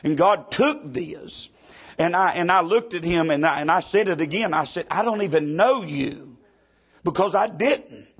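A man's voice: fairly high pitch, expressive, moderate pace, a bit bright, breathy edge. A man, a pastor telling a story from the pulpit and dropping "amen" after nearly every line. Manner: testimony peppered with constant "amen". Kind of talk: storytelling sermon.

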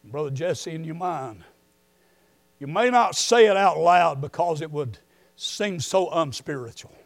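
Male preacher, middle-aged, high voice, unhurried, dry close sound. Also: animated, vocal fry, no echo. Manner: swings from quiet storytelling to shouted emphasis. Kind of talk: sermon.

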